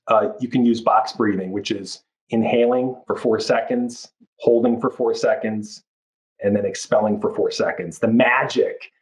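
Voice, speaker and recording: A man's voice: on the low side, rough recording. A man speaking as a life coach in a podcast interview, talking in an earnest, reflective way and often restarting his phrases. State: moved, near tears.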